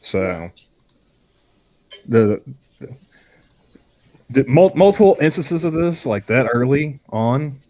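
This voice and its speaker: A man's voice: mid-range voice, expressive, slow, long pauses, a little mellow. A young man co-hosting a podcast, rambling in casual chat and often stammering and restarting his sentences. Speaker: podcast co-host.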